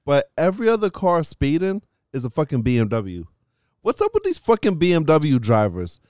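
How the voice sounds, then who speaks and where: A man talking on a casual podcast with a smooth, clear voice, recorded dry and close. He rambles and swears his way through animated rants. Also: on the high side, moderate pace, no room sound. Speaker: podcast co-host.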